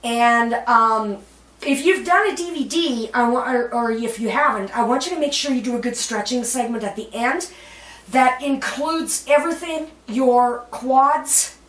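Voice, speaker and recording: A fairly high-voiced woman leads a floor workout at an unhurried pace, chatty, laughing at herself, with cheerful whoops. She sounds slightly out of breath from exercising. The camera mic sits some way off in a roomy, echoing space. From Canada. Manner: calm cueing with bursts of cheerful whoops. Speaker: fitness instructor. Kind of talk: guided exercise instruction. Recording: roomy echo, voice from a distance.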